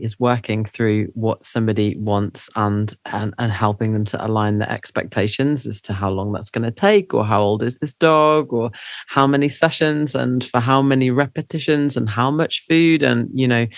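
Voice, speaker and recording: Give me a man with a low, gravelly voice hosting a podcast interview, dry and close. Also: no room sound. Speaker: podcast host.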